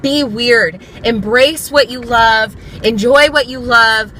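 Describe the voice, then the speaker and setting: A woman's voice: a little high, slow pace, bright, forceful tone, slight background noise, low-quality recording. A young woman vlogger giving a candid, earnest motivational talk, encouraging her viewers and swearing freely.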